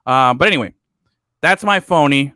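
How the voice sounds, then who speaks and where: A man's voice: a little high, animated, normal speed, pushed and bright, dry recording, studio quality. A man hosting a casual sports talk show, joking and slangy. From island.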